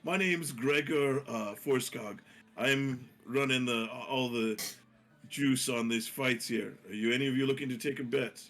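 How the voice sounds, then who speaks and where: A man voicing a boisterous male fight bookie with a loud, showy manner. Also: medium pitch, measured pace. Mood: hearty.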